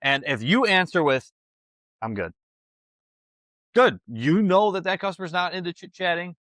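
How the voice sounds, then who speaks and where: A man co-hosting a podcast, chatting casually and telling stories with lively quoted voices. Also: brisk, no room sound. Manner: animated storyteller, jumps pitch when quoting people. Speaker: podcast co-host. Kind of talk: casual chat.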